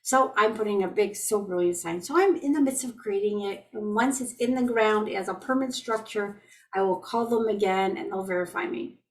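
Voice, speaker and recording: A middle-aged woman leading an online group healing call, chatting about everyday frustrations in a gently reassuring, anecdotal way. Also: mid-range voice, fairly quick. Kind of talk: casual spiritual talk to a group. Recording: voice distant from the mic.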